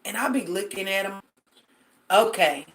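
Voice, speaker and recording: A woman's voice: mid-range voice, moderate pace. A woman hosting a casual live stream on her phone, chatting to viewers and telling stories with lots of fillers. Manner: chatty, storytelling, addresses viewers directly, many fillers.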